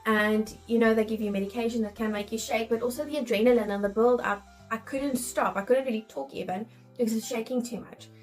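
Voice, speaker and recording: A woman's voice: fairly high pitch, steady tone, brisk, faint music behind, rough recording. A woman in her thirties, a midwife, telling her own birth story in a candid, emotional way and acting out her worried thoughts. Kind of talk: casual storytelling to camera.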